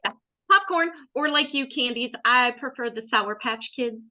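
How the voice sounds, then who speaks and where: A woman's voice: fairly high pitch, normal speed. A woman co-hosting a casual movie podcast, bubbly and giggly. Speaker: podcast co-host. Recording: tinny call-in line.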